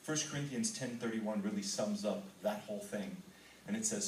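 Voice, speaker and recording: Speaking at a normal speed in a lowish voice, a middle-aged man from Texas reads scripture before sharing his personal testimony with a men's ministry group. He's earnest, and filler ums crop up often. The far-off mic catches the echo of a roomy hall and slight background noise.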